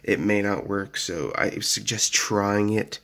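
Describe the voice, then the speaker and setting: A man's voice: lowish voice, takes it slowly, gravelly, a bit bright. A man giving a casual, rambling product review at his home desk, full of fillers and "so yeah", recorded on a phone camera. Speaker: gaming gear reviewer.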